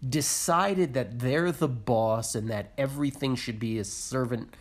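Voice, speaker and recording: A man's voice: mid-range voice, measured pace. A man co-hosting a podcast, giving his blunt, opinionated take on a reality show with swearing and mocking impressions. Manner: opinionated, swears, mimics people. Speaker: podcast co-host. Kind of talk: casual reality-TV recap chat.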